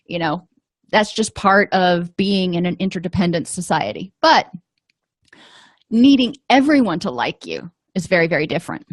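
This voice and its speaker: Calm woman giving advice, dry sound. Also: mid-range voice, slightly rough, dry recording. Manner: calm, explanatory, with frequent ums and you-knows. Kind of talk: casual advice talk.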